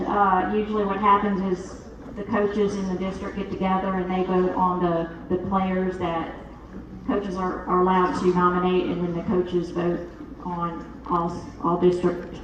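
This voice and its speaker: A woman presenting at a school awards ceremony, reading out student names in a measured way and pausing after each one. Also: medium pitch. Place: school awards ceremony, large indoor room. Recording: echoey hall from far off, background noise.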